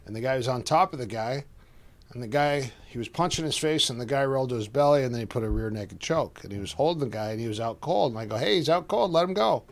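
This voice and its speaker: A middle-aged man swapping stories in a relaxed chat, with an animated delivery that bursts into little impressions of the people in his tale. He often stumbles and restarts mid-sentence. His pitch sits right in the middle for a man. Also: fast talker. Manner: animated, acts out quoted voices, restarts often. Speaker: guest, martial arts coach. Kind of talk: casual storytelling.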